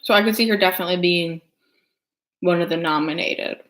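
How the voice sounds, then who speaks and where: A woman's voice: on the low side, a little fast, fairly bright tone. A young adult woman chatting casually as a vlogger, rambling with lots of filler words while she eats. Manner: eating while talking. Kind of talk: casual chat.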